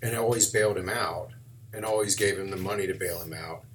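A man's voice: low-pitched, a little fast, fairly bright tone, a little hiss or hum. A man with a Southern US accent co-hosting a podcast, in laid-back, wisecracking chat with some swearing. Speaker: podcast co-host. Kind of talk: casual chat.

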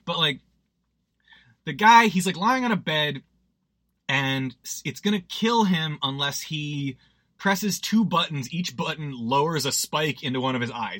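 A man's voice: on the high side, animated, measured pace, fairly bright tone, no room sound. A man hosting a podcast, recapping a horror movie in a rambling, self-deprecating way with lots of asides. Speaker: podcast host.

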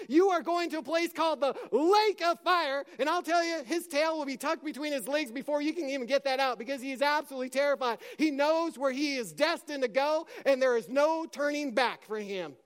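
A man preaching a sermon with passion, dropping to a hush and then rising to a shout as he acts out scripture scenes. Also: very high-pitched, expressive, brisk. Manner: impassioned, swings from hushed to shouting; acts out scripture dialogue in character.

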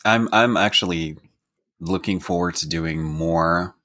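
Easygoing podcast guy, really deep voice, dry mic. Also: a little slow, bright, forceful tone, dry recording. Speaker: podcast co-host. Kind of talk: casual chat.

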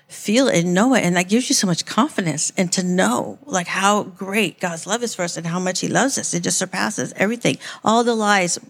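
A woman giving an informal sermon, earnest and rambling, with many "like"s and restarts. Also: mid-range voice. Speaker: church speaker.

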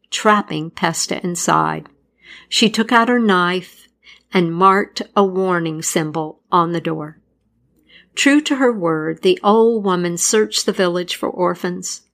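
A woman narrating a folktale and its history in a measured, deliberate scripted style. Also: mid-range voice, creaky, a bit bright. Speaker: storyteller.

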